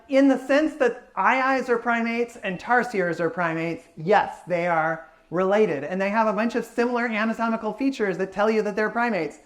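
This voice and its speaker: A man giving a public science talk, answering audience questions in an enthusiastic, explanatory way. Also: sits high.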